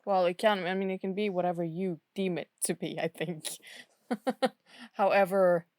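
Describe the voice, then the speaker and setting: A woman's voice: on the low side, measured pace, darkish tone, no room sound. Dry-voiced woman player, sardonic. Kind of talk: tabletop role-play.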